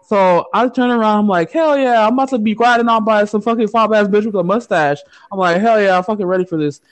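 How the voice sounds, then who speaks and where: A woman's voice: mid-range voice, fast talker. A woman from the United States co-hosting a podcast, telling a story in casual chat, profane and often laughing. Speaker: podcast co-host.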